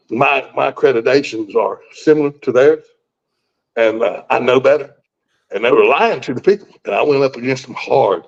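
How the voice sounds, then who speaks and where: A man's voice: medium pitch, creaky. A man in his sixties telling a personal story in a folksy, blunt way, swearing freely and often restarting his sentences. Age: 60s. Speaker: guest. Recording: muffled lo-fi recording.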